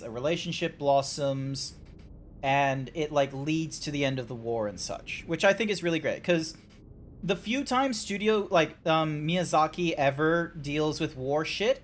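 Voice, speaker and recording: A man hosting a game stream, chatting casually in a rambling, animated way with quick restarts. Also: a little high, a little hiss or hum. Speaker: streamer and host.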